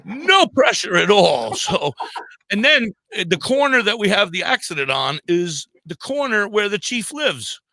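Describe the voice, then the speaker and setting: A man guest on a podcast telling a story in a casual, animated way, acting out the voices of the people in it. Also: high-pitched, normal speed, slight background noise. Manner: animated storyteller who acts out quoted voices. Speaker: volunteer fire police.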